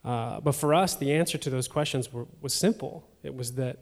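Man giving an emotional church testimony. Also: mid-range voice. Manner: emotional, halting, with fillers and repeats. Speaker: church member sharing testimony. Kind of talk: personal testimony in a church service. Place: church sanctuary. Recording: long hall reverb.

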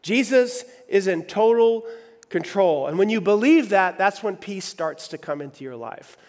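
A man preaching a sermon in a church hall, emphatic, swinging between loud and hushed lines and asking the audience questions. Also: sits high, animated, normal speed. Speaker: pastor.

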